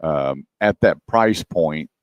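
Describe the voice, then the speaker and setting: A man's voice: a bass voice, animated, slow pace, no echo, dull audio. A man hosting a car radio show, casually retelling a customer call and acting out both sides in a dry, matter-of-fact way.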